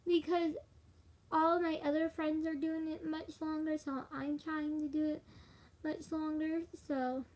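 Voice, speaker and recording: Tired high-voiced young woman streaming live. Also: level tone, measured pace, darkish tone, slight background noise. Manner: rambling, with frequent fillers and laughs. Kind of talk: casual live stream chat.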